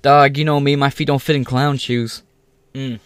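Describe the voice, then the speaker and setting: A man's voice: mid-range voice, little pitch movement, moderate pace, clean tone, dry recording, studio quality. Profane, heated American man ranting. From United States. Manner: profane, heated, swears constantly; mocks others by mimicking them. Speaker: vlogger. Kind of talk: ranting monologue.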